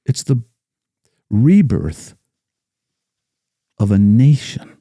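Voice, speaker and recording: Podcast guest, male battlefield guide; emphatic, builds force when reciting; dark voice, dry sound. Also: mid-range voice, lively intonation, extremely slow, dry recording. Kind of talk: casual podcast discussion.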